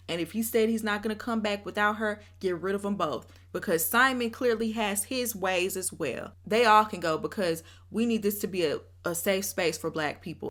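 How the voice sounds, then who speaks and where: Bright-voiced woman ranting on reality TV. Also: medium pitch. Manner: opinionated, animated, addresses viewers directly. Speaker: reality TV reviewer, channel host. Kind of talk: casual commentary rant.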